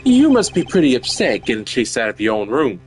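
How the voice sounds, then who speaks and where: A boastful male suspect drawls in a broad American Southern accent, as a man puts him on. He brags and struts through every line, his pitch swinging widely. Faint music plays underneath. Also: wildly swooping pitch, a little fast. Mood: mocking. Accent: put-on American Southern. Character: smug, bragging adult male suspect.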